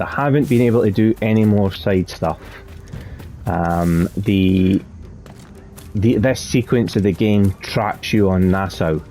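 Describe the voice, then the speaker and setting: A man's voice: deep voice, dark tone. A man hosting a let's play channel, talking over his gameplay in a chatty, rambling way that often corrects itself. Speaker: gaming channel host.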